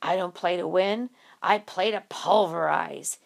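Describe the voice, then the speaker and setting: A woman's voice: lowish voice, measured pace, vocal fry. A woman voicing a joking, cocky boy who likes to show off. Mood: boastful.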